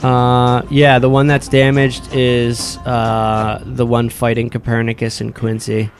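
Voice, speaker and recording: A man's voice: medium pitch, completely flat delivery, takes it slowly, soft background music. A man narrating a tabletop game as game master, laid-back and describing combat results.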